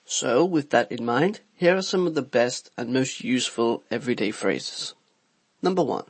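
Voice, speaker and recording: A man reading a scripted English lesson, slowly and deliberately listing everyday example phrases one by one. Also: mid-range voice, animated, slightly rough, no echo. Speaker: English teacher.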